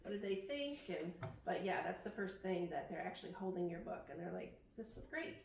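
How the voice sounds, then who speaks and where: A woman's voice: on the low side, lively intonation, brisk, creaky, a little mellow. A woman author with a Pennsylvania accent speaking candidly and wryly on a library panel. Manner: candid, wry. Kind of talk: panel discussion. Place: library meeting room. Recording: roomy, noisy, from far off.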